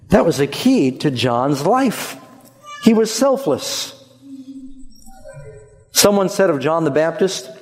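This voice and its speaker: Lively male preacher in a reverberant hall. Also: sits high. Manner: animated, has congregation repeat lines aloud. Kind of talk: sermon.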